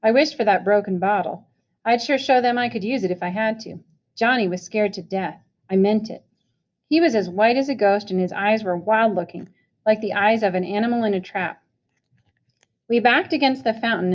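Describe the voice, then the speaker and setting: A woman reading a novel chapter aloud in an even storytelling manner. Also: medium pitch. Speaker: reader.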